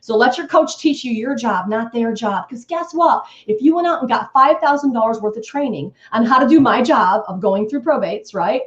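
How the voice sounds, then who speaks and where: A woman's voice: on the high side, expressive, normal speed, few pauses. A woman guest coach on a live webinar, talking emphatically and acting out sales scripts. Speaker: guest real estate coach. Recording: echoey, dull lo-fi stream audio.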